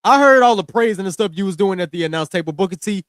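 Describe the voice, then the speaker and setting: Brief: young male wrestling podcast host, scolding and slangy, fairly high voice, dry close sound. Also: lively intonation, fast talker, a bit bright, dry recording. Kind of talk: casual ranting commentary.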